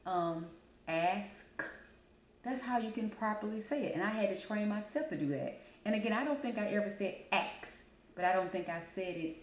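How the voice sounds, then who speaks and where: A woman hosting her channel, talking casually to camera and telling her story in an animated, chatty way. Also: medium pitch, normal speed. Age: adult. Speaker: channel host. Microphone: camera mic. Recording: roomy echo.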